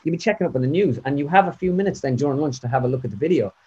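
A man's voice: fairly high pitch, racing, dull audio. Chatty Irish Midlands man. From Ireland. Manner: chatty, rambling, animated. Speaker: guest impressionist. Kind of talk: casual interview chat.

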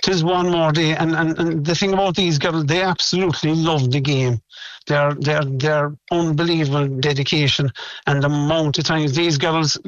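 A man's voice: a little high, steady tone, normal speed, no room sound, lo-fi sound. A middle-aged Irish man, a club official and proud parent, giving a radio interview and often repeating words as he searches for them.

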